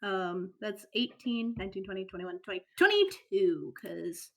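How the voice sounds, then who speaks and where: A woman's voice: mid-range voice, expressive, moderate pace, vocal fry. A woman playing a tabletop game, chatty and eager, checking the rules aloud as she acts. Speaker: player. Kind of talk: casual tabletop play.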